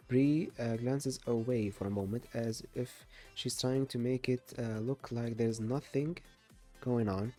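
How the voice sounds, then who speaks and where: Mellow man reading a dating game. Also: mid-range voice. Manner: halting, with frequent uh fillers and restarts. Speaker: gaming YouTuber.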